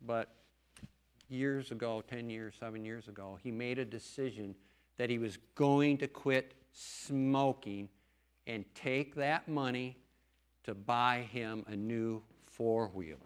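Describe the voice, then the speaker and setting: A man's voice: medium pitch, slow pace, clear, resonant tone. Earnest folksy middle-aged man preaching. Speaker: lay preacher and farmer. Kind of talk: church testimony talk.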